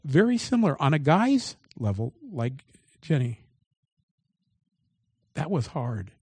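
Dark-voiced male pastor preaching. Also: a little high, big pitch swings, slow pace, husky, no echo. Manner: reads scripture aloud, then comments with shifting emphasis. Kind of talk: sermon.

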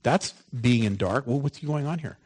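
A man preaching a sermon, moving from loud, emphatic lines to soft, hushed ones. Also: medium pitch, moderate pace, slightly rough, poor audio.

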